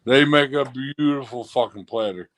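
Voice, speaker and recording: A man's voice: medium pitch, normal speed, a bit bright. Man, casual profane banter, rambling and hesitant delivery. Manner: rambling, swears a lot, hesitant.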